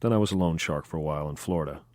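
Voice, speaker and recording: Male narrator as cool ex-crook, laconic, deep dry voice. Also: no echo. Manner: calm, laconic, unhurried. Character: cool, street-smart former gangster man. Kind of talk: audiobook dialogue.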